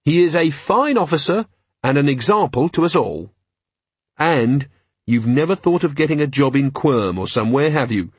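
A man's voice: on the high side, lively intonation, normal speed, husky, dry recording, voice pushed up. A man voicing a sardonic young female watch officer who talks in a dry, sarcastic way.

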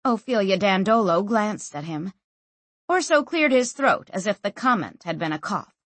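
A woman narrating a fantasy audiobook in an expressive storytelling manner. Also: medium pitch, moderate pace, no echo. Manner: expressive, lively storytelling reading.

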